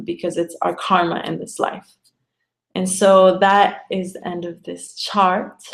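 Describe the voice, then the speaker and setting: A woman's voice: medium pitch, creaky. A woman astrologer explaining a chart in a casual live-stream, talking loosely with many fillers and restarts. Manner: chatty, frequent fillers like "you know" and "like".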